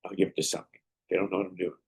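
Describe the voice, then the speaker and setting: A man's voice: low-pitched, steady tone, very fast, vocal fry, darkish tone, husky. A man hosting a motivational podcast, telling stories and giving earnest, preacherly advice. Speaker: podcast host and martial arts teacher.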